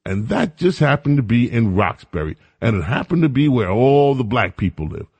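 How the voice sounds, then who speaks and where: A man's voice: mid-range voice, big pitch swings, moderate pace, a little mellow, slightly rough. A man hosting an opinion show, speaking in a sarcastic, mocking and emphatic way. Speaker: commentary host. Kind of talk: opinion commentary.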